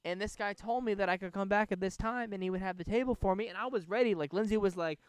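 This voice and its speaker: A man's voice: high voice, fast talker, clean tone, no room sound. A young man hosting a podcast, telling a rambling, profane story in casual chat outdoors. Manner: rambling, profane, animated retelling. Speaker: podcast host. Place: outdoors by a bonfire. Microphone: podcast microphone.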